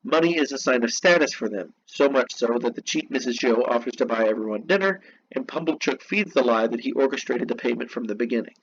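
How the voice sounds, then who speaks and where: A man's voice: mid-range voice, expressive, brisk, breathy edge. A man reading lesson notes aloud and explaining them with casual, chatty asides. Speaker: teacher. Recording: dull lo-fi recording with faint noise.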